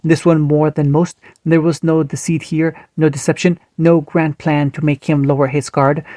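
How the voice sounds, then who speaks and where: A man reading fan fiction aloud, steady but with small slips and restarts. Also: fairly high pitch, moderate pace, no echo. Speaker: story reader.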